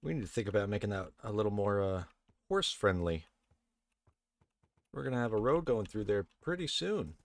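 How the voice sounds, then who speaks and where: A man giving relaxed, casual commentary while playing a video game, chatting to the game characters and swearing now and then. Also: fairly low pitch, normal speed, long pauses, no echo. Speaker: let's play host.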